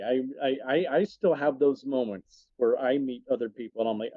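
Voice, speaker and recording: A man chatting as a podcast guest, telling stories animatedly with lots of quick restarts. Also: mid-range voice, no room sound. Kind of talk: casual chat, storytelling. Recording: dull dry sound.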